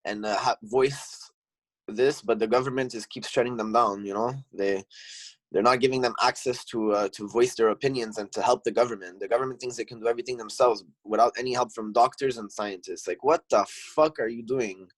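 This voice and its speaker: A man's voice: mid-range voice, steady tone, fairly quick, no room sound, poor audio. A man, a gym owner talking as a podcast guest, heated and swearing, restarting his sentences. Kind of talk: casual chat.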